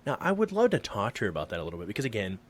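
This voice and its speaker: A man with a fairly low voice co-hosts a casual podcast over a remote call. He reads an article aloud, breaks off to joke, and trips over his own words. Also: wildly swooping pitch, racing, a little hiss or hum. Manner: joking, self-deprecating, stumbles over words. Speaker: podcast co-host.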